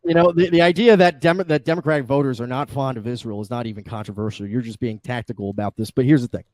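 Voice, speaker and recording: A man's voice: medium pitch, steady tone, quick pace, darkish tone, no echo. A man calling into an online debate, stumbling and repeating himself, dropping crude insults. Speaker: caller, debate guest.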